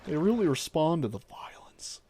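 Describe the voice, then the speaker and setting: A man voicing an impression of a smug, deadpan male TED-style speaker giving mock advice. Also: on the high side, moderate pace, voice pushed up. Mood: mock-serious.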